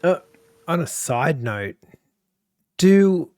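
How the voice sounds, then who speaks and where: A man's voice: a little high, very animated, very slow, a little mellow, dry recording, studio quality. A man co-hosting a casual podcast who rambles with lots of restarts and likes to joke. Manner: rambling with many restarts, joking. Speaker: podcast co-host. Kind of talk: casual chat.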